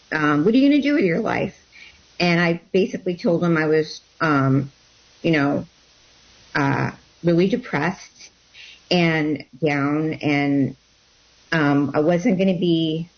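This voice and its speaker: Woman telling an animated personal story. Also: sits low. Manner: animated storytelling, acting out quotes. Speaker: guest. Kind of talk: storytelling in an interview. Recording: dull lo-fi sound.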